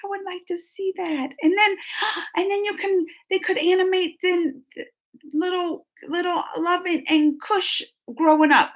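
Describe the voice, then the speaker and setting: A woman hosting a live-stream chat, reading viewer comments aloud and answering them in a lively, talkative way with frequent laughter. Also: extremely high pitch, measured pace. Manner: animated and chatty, laughs often, gasps. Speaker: reaction channel host.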